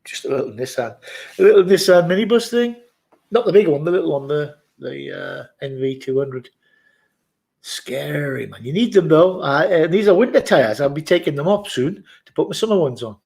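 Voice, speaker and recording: A man's voice: a little high, lively intonation, normal speed, creaky, a little mellow, rough recording. A man at his office desk, chatting casually to camera in a jokey, rambling way with muttered asides. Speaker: vlogger.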